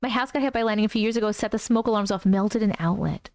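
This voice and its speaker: A woman's voice: medium pitch, fast, darkish tone, no room sound. A woman hosting a casual livestream at home, reading viewer comments aloud, easily spooked and laughing often. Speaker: host reading viewer stories. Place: home room.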